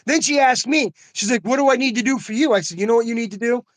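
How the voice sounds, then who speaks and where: An older man, the host, speaks at an extremely high pitch and a fast clip, with no echo on the audio. He tells stories earnestly in casual conversation, laughs often, and keeps adding "you know what I mean."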